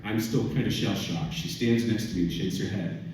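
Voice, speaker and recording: A man, a filmmaker, telling a lively anecdote at a live audience Q&A, often laughing as he talks. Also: on the low side, fairly quick. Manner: lively storyteller, often laughing through his words. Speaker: filmmaker answering audience questions. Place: event hall with an audience. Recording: echoey hall from far off, loud noise.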